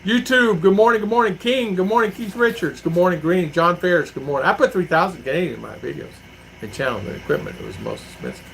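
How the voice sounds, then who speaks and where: A man with a high, fast, gravelly and somewhat bright voice livestreams as a vlogger abroad, reading chat comments and rambling through stories with acted-out quotes. The rough recording has a little hiss or hum.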